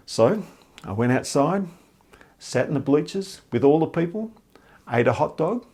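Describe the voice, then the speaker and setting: Husky Australian man telling a tale. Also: mid-range voice, a little fast. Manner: lively, humorous, self-deprecating. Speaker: storyteller. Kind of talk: personal anecdote storytelling.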